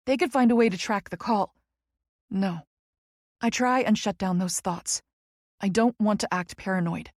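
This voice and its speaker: A woman's voice: mid-range voice, normal speed, pauses often, darkish tone, dry recording, clean studio sound. A woman narrating a first-person romance audiobook in a wry, conversational way.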